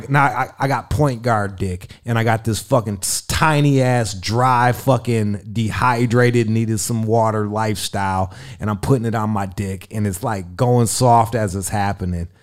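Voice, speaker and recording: A man telling a story in casual podcast chat, rambling and swearing constantly, animated and comic, full of fillers. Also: fairly low pitch. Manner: profane, rambling, lots of fillers.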